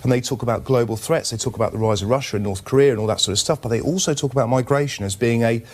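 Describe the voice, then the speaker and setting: A man giving his views in a TV news interview as a newspaper defence editor. His voice sits at an ordinary pitch, and his delivery is halting as he restarts phrases. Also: a little mellow.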